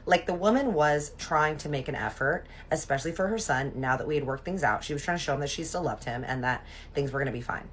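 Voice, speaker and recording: A woman's voice: sits low, fast, few pauses, breathy edge. A young adult woman telling a personal story in a casual, gossipy, profane way.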